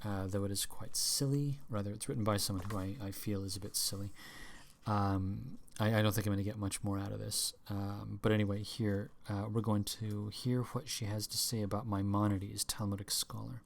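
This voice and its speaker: Low-voiced man reading aloud with wry asides. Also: steady tone, normal speed, gravelly. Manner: meandering, with fillers and restarts. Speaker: podcast host reading aloud. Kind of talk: casual reading and commentary.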